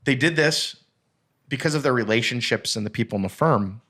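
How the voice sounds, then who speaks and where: A man guesting on a podcast, telling a story in a rambling, animated, profane way with fillers and restarts. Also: mid-range voice, a little fast. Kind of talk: casual storytelling chat.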